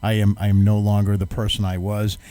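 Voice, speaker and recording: A man's voice: on the low side, monotone, brisk, mellow, clean tone. A man hosting a live talk show, chatting casually, joking and laughing often. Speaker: radio talk show host.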